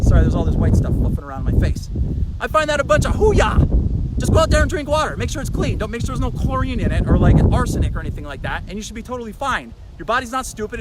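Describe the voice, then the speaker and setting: A man's voice: high voice, fairly bright tone, slight background noise, rough recording. A man in a casual vlog, talking emphatically and a little preachily to the camera from outdoors. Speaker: fasting and fitness vlogger.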